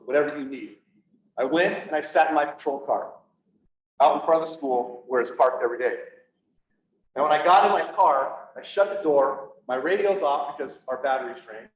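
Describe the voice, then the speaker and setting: A police officer telling a personal story to an audience, candid and blunt, acting out what people said. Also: male voice, on the high side, moderate pace. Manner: candid, blunt, acts out quoted dialogue. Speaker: public speaker, police officer. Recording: echoey, distant, slightly dull, faint hiss.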